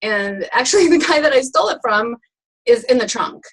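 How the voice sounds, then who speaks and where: A woman co-hosting a casual sales show, chatty and animated, laughing often as she tells a joke. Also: fairly high pitch, a little fast, slightly rough, low-quality recording. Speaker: co-host. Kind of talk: casual chat.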